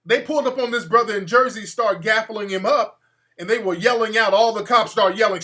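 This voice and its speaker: Bright-voiced emphatic man ranting. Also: high-pitched, brisk. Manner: emphatic, profane, talks straight to his audience. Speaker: show host. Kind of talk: ranting commentary monologue. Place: home room with a fan.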